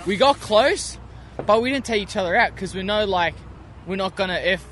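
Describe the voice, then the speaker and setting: A young man with a high, bright voice talks over his race in an upbeat, rambling way, full of restarts. He is outdoors at a track, with faint engine noise behind him. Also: expressive, normal speed. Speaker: motocross racer. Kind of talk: post-race interview.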